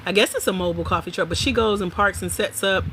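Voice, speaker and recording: A woman hosting a livestream from home, chatting casually with viewers in an animated way and laughing often. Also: medium pitch, fast talker, a little hiss or hum. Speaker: livestream host.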